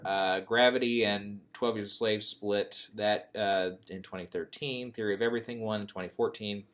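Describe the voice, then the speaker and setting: A man's voice: fairly low pitch, a bit bright. A young man talking casually about awards predictions, rambling and often correcting himself with fillers. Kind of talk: casual thinking-aloud commentary.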